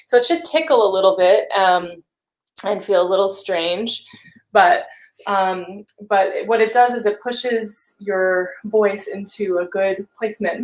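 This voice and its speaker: A woman coaching a vocal warm-up, talking listeners through each exercise in a gentle, encouraging way. Her voice sits at an ordinary middle pitch for a woman. The room adds a noticeable echo around her. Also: measured pace. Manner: gentle, encouraging guidance with hums and sung syllables. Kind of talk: live-streamed vocal warm-up instruction. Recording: roomy echo.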